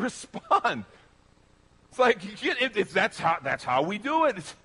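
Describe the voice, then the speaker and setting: A male pastor preaches with emphatic, persuasive energy. His voice sits a bit high and swings widely, dropping low and quiet before rising again. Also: a little slow, breathy edge. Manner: animated, emphatic preaching with sweeping pitch. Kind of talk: sermon.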